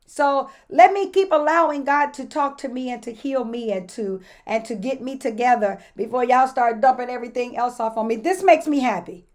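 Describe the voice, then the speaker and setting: A woman pastor with a notably high voice speaks to her live viewers in a loose, colloquial way. She repeats words as she works toward each point and stops to greet people by name. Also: normal speed, few pauses. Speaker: pastor and host. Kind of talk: casual motivational talk to live viewers.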